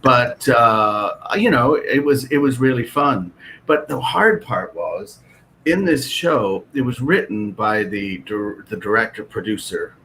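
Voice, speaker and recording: A man's voice: medium pitch, unhurried, slight background noise, poor audio. A man who is a guest actor, chatting casually on a video call and telling self-deprecating stories with lots of energy. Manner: animated, self-deprecating storytelling. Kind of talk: casual chat.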